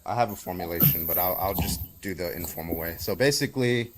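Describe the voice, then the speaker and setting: A man with a very low voice hosts a relaxed debate stream, starting over mid-sentence as he works through his points. Steady noise sits clearly under his voice. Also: fast. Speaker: livestream debate host. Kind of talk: casual live-stream debate chat.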